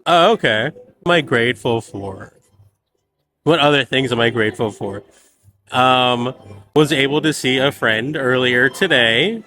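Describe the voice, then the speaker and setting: A man at a game night, thoughtful and hesitant, pausing often while he finds his words. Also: mid-range voice, sharp tone, low-quality recording. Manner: hesitant, thoughtful, many fillers. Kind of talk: casual chat.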